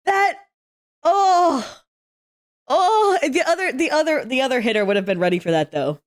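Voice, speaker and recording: A young woman reacting to an anime, her voice sitting high and leaping around in pitch. She chats casually, swears freely and breaks into shouts at the screen as the action grabs her. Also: expressive, normal speed.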